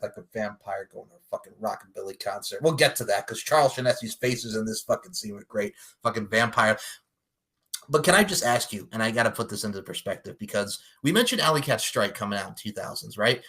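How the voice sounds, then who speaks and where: A man recaps a movie on a pop culture podcast with a husky, bright, forceful voice. His pitch swings widely as he swears, laughs and acts out the characters' lines. The delivery is loose and animated. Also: a little fast. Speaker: podcast co-host.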